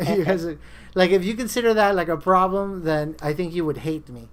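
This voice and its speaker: A man's voice: sits high, moderate pace. A man hosting a podcast, chatting casually and rambling through stories, acting out friends' lines as he goes. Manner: rambling storyteller, acts out quoted friends. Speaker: podcast host. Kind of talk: casual chat.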